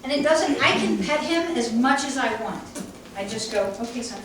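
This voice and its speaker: A woman's voice: high-pitched, expressive, moderate pace. A woman dog trainer giving a conversational, emphatic lecture to a class. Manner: conversational, emphatic, acts out owners' voices. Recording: echoey room from far off, faint noise.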